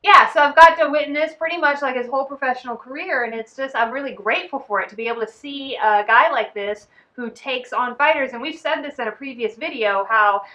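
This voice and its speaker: A woman co-hosting a casual boxing chat show, chatty and quick to laugh. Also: high-pitched, sharp tone, dull audio. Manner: chatty, laughs often, many fillers. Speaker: co-host.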